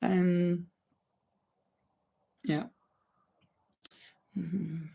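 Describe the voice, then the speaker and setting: Extremely slow, low-pitched, creaky yet warm, this woman's voice barely moves in pitch. Hosting a relaxed crochet livestream, she chats loosely, thinking aloud with lots of fillers and restarts while coughing and her voice occasionally cracks.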